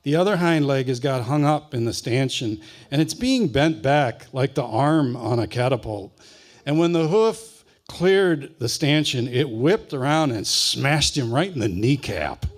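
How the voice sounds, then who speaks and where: A man's voice: mid-range voice, expressive. Folksy storyteller man. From rural Wisconsin. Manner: folksy and unhurried, drops to a hush for tender moments. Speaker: humorist author and speaker. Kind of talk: humorous live storytelling. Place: stage at a book festival kickoff.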